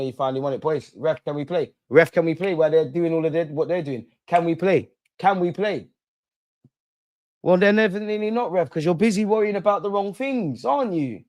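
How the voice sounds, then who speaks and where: A man with a fairly high, darkish voice talks briskly while hosting a live football watch-along. He reacts emotionally to the match, addressing the players and referee on screen in casual slang with some swearing.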